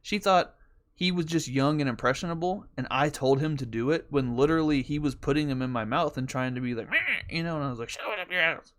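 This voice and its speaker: A man's voice: mid-range voice, quick pace. A man hosting a podcast, telling a rambling, profane story in a casual way. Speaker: podcast host.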